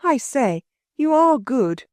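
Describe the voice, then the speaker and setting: A woman voicing plainspoken schoolboys who talk gruffly among themselves. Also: high-pitched, big pitch swings, slow, darkish tone, no room sound, studio quality, voice pushed up, heavily acted. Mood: plain.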